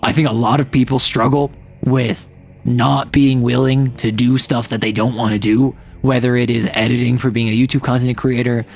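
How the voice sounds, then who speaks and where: A young adult non-binary streamer chatting casually and rambling, often sliding between higher and lower voice registers. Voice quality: some gravel in the voice. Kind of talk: casual live-stream chat.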